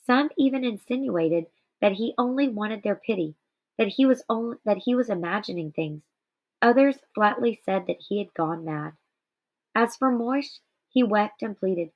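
A woman teacher leads a guided reading, reading steadily and stopping to explain passages to her students. She sounds tired and yawny, at a middle pitch. The recording is slightly dull and lo-fi. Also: moderate pace, vocal fry. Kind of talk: guided reading aloud with commentary.

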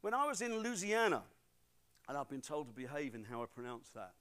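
A middle-aged British man preaching a sermon as pastor, swinging between loud emphatic preaching and quiet storytelling. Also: medium pitch, quick pace. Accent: British English. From Britain. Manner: animated, emphatic, repeats for stress.

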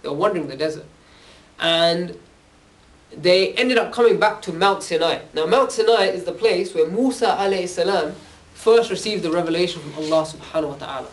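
A man with a high voice speaks a little fast in an informal religious talk for young people, with slight background noise and a distant mic. He tells stories casually, checking in with a questioning "yeah?" after nearly every phrase.

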